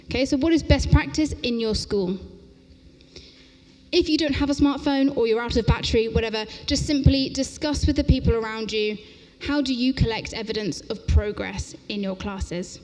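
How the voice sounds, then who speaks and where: A woman teacher trainer leading an interactive workshop, talking briskly and upbeat and often checking in with "okay?", recorded in a large lecture hall. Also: on the high side, a little mellow. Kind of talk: interactive conference workshop talk.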